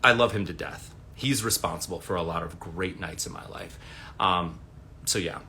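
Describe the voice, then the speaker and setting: A man's voice: low voice, moderate pace, vocal fry, sharp tone, slight background noise. A man in his thirties casually telling rambling stories on a livestream from his room at home, swearing freely, using many fillers and restarts, and acting out what people said. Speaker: livestream host.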